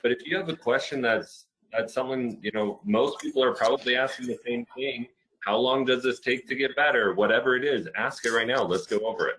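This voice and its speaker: A man's voice: mid-range voice, brisk, fairly bright tone, poor audio. A man hosting a physical therapy webinar, encouraging viewers and answering their comments in a casual, upbeat way.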